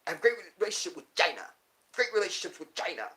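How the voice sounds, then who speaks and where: A man's voice: sits high, very animated, racing, sharp tone, voice pushed up, exaggerated voice. A man doing an impression of a boastful male politician who keeps repeating his brags. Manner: repetitive bragging.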